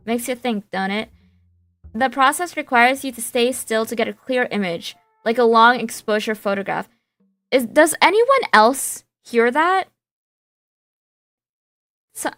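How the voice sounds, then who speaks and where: A playful woman streamer with a fairly high voice, reading a game's text aloud and rambling between lines. Her voice is dry and close to the mic. Faint music plays underneath. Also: bright, forceful tone, dry recording. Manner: playful, rambling with fillers and restarts.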